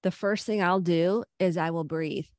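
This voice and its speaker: A middle-aged woman psychotherapist, a podcast guest, gives earnest, gentle advice on parenting and anxiety. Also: lowish voice, fairly even intonation, moderate pace, dry recording, studio quality. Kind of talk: podcast interview.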